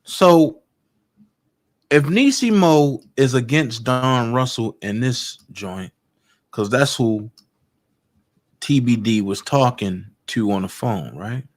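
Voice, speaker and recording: With a mid-range, expressive voice, slow and broken by long pauses, a man gives casual livestream commentary. He addresses viewers head-on in a confrontational way, emphatically repeating points to make them stick.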